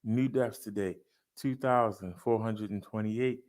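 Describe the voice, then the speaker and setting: A man's voice: fairly low pitch, steady tone, unhurried. Emphatic man reading daily numbers. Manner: emphatic, punchy, drawls key phrases loudly; talks to viewers, says "y'all". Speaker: fitness vlogger. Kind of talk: casual daily stats rundown.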